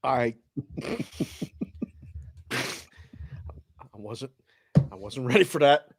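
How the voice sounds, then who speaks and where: A man's voice: mid-range voice, expressive, vocal fry, heavy background noise. A man co-hosting a sports betting show who teases his partner and laughs easily. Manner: teasing and quick to laugh. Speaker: sports talk co-host. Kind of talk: casual sports chat.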